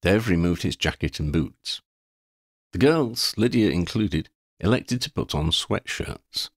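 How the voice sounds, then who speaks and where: A man's voice: low-pitched, unhurried, no echo, clean studio sound. A man reading a fantasy story aloud, narrating expressively. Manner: expressive reading, voices each character. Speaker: audiobook reader.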